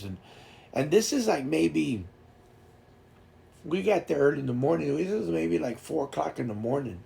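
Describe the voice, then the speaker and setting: A man's voice: a little high, very animated, moderate pace, creaky, pauses often, dark tone. A man hosting a casual chat stream, telling rambling fishing stories with lots of restarts and laughter. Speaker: streamer host.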